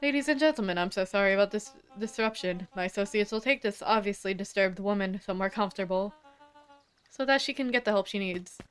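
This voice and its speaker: A woman's voice: mid-range voice, fast, clear, resonant tone, faint music behind, lightly acted. A woman voicing a scheming, falsely cheerful male town official who talks down to people. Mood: smarmy. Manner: folksy, falsely sweet, patronizing. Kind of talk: game dialogue read aloud.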